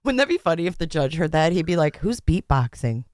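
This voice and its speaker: A woman's voice: low voice, expressive, fast talker, dry recording, studio quality. Chatty woman hosting a livestream. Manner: chatty, joking, laughs often. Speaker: livestream host. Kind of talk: casual livestream chat.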